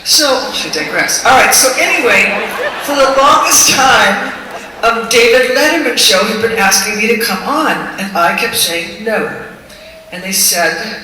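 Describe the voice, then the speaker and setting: A woman's voice: on the high side, lively intonation, measured pace, long pauses. Woman telling rambling stories in an echoey arena. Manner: rambling, candid, self-mocking storytelling. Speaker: singer performing on stage. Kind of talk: comic stage monologue. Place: large concert venue, indoors. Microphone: recorded from the audience, far from the stage. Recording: distant, echoey arena recording with crowd noise.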